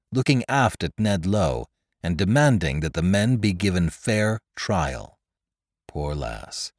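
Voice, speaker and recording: Deep-voiced male storyteller, expressive. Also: no room sound, clean studio sound. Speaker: narrator. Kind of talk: scripted narration.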